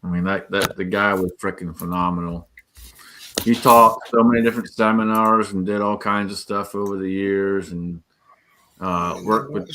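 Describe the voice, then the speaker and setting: A man's voice: deep voice, flat delivery, moderate pace, bright, forceful tone, slight background noise. A man co-hosting a live podcast, talking casually and peppering his talk with "dude" and "man". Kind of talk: casual livestream chat.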